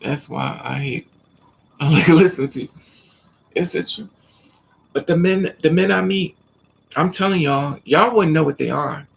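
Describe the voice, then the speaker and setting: A woman's voice: deep voice, a little slow, vocal fry, pauses often, breathy edge. A woman vlogger telling stories in a casual livestream chat and talking straight to her viewers. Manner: chatty storytelling, addresses viewers directly.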